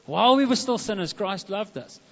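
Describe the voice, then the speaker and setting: High-voiced pastor preaching. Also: male voice, a little fast. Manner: animated preaching with asides to the congregation. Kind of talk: sermon. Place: church hall. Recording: dull muffled echoing hall recording.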